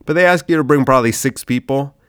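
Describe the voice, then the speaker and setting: A man's voice: mid-range voice, fast talker, fairly bright tone, clear, resonant tone, dry recording, studio quality. A sick man hosting his comedy podcast, rambling loosely with swearing and lots of "dude". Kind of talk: casual rambling monologue.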